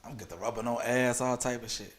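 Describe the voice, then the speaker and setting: A man's voice: mid-range voice, steady tone, fast talker, slight background noise. A young man casually telling a crude, laughing storytime anecdote at home late at night. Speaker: vlogger.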